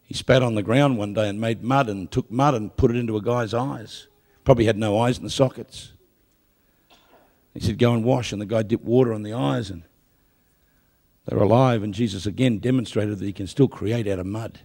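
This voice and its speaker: A man preaching a live sermon, telling stories with jokes and building to loud proclamations. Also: fairly low pitch, fairly quick, gravelly. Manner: lively storytelling with jokes, rising to loud proclamation. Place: church or hall with a live audience.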